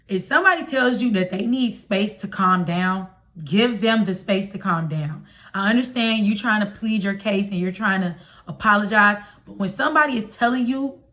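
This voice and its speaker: A young woman from Chicago with a Chicago accent, telling a personal story to her viewers in a confiding, slangy, animated way. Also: medium pitch. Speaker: vlogger. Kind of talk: storytime vlog.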